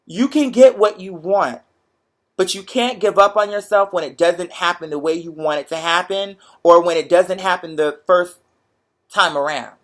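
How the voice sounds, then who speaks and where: A young man hosting a show, chatting to viewers in a lively, profane, motivational storytelling way. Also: high-pitched, normal speed. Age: young adult. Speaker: show host. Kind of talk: casual livestream chat to viewers.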